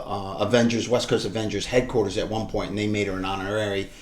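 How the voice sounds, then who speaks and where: A man's voice: level tone, quick pace. A man co-hosting a podcast, casually recapping a show and acting out the characters' lines. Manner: retells scenes acting out lines with shifts in pitch. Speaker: podcast co-host. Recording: echoey room.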